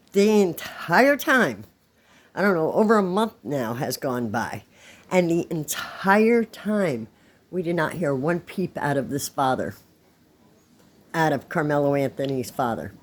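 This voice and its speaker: Blunt woman in her fifties, co-host on a reaction stream, slow and lively. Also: deep voice. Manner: blunt, scolding. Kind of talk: casual reaction chat.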